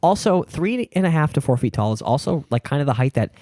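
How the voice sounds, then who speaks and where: Male podcast host, animated, jokey storyteller, lively pitch, dry close sound. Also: fast talker, dry recording. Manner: animated, jokey storyteller doing silly voices. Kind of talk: casual chat.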